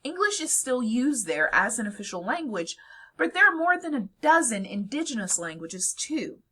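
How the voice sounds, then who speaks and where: Lecturer, female, bright and slightly husky voice, animated delivery, explanatory. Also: a little high, moderate pace. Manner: explanatory, lively, with fillers. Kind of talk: recorded lecture.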